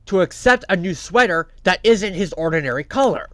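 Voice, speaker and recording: A man hosts a reaction video, retelling a story and sharing his own theories. His voice is bright, smooth and somewhat high, and he talks haltingly, with frequent restarts and repeated words. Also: expressive, no room sound. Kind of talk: reaction vlog narration.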